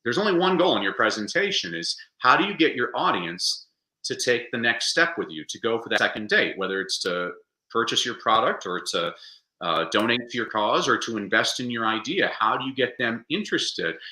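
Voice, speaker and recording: Male podcast guest, animated storyteller, bright tone, roomy echo. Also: mid-range voice, moderate pace. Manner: animated storyteller, acts out quotes. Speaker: guest speaker. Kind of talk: podcast interview.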